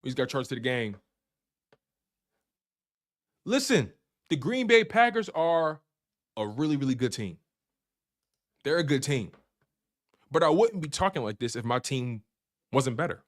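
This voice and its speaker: A man's voice: mid-range voice, very animated, measured pace, pauses often. A man hosting a fan sports talk stream, hyped and repetitive, trash-talking the rival team. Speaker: sports show host. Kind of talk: animated sports talk livestream.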